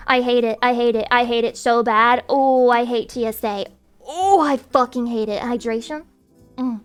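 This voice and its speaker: A woman's voice: fairly high pitch, normal speed, fairly bright tone, clear, resonant tone. A woman streamer chatting casually with her viewers in a profane, rambling rant.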